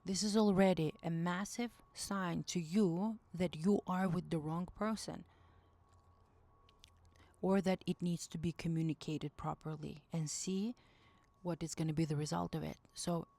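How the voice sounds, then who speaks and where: Woman, lowish voice, casual spiritual advice, earnest, searches for words, rephrases a lot. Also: fairly even intonation, measured pace, mellow. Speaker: intuitive message reader.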